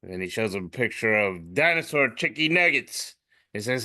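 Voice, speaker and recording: A man hosts a casual podcast, reading out memes with lots of animation. His voice is bright and clear. He swings widely in pitch as he jumps into squeaky voices for the captions. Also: sing-song, brisk. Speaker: podcast host. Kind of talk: casual chat describing memes aloud.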